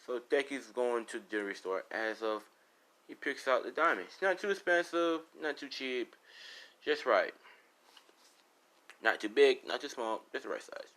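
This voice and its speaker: A man's voice: medium pitch, animated, normal speed, a bit bright. A man casually telling a fan story, rambling and full of fillers as he retells who said what.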